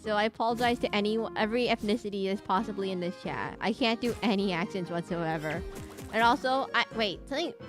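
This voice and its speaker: Chatty high-voiced woman streamer. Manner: rambling, chatty, frequent laughs and self-interruptions. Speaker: VTuber game streamer. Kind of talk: casual live-stream chat.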